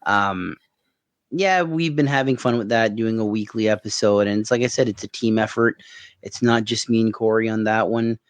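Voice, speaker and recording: A man chatting casually as a guest on a podcast, talking in a relaxed, halting way. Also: fairly low pitch, dry recording. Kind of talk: casual chat.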